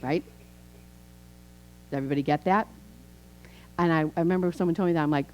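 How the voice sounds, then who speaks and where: A woman in her fifties, a minister, preaching a chatty, animated sermon in a church. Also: lowish voice, quick pace, long pauses, rough recording. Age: 50s. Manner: animated, chatty, acts out quoted voices. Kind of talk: conversational sermon.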